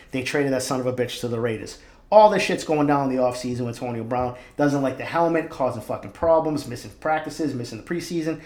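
Fast-talking profane Boston man ranting. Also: medium pitch, darkish tone. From East Boston. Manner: profane, fired-up, swears constantly. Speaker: podcast host. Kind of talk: casual storytelling rant. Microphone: studio microphone.

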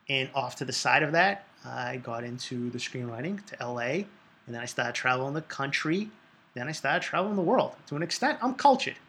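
A man's voice: fairly high pitch, fairly bright tone. A man in his thirties with a Boston accent, hosting a podcast in a blunt, emphatic monologue full of swearing. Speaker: podcast host.

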